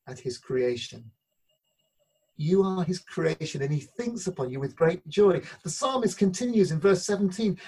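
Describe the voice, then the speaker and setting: Preacher giving a sermon, kinda breathy voice, slows way down for bible quotes. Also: mid-range voice, a little mellow, poor audio. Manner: earnest, slows down to read scripture.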